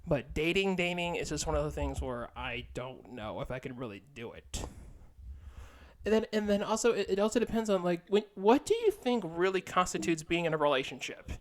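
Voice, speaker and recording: A man's voice: fairly high pitch, big pitch swings, a little fast. A young man talking casually to his viewers in a rambling, self-deprecating monologue, full of restarts and fillers, with casual swearing. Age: young adult. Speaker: vlogger.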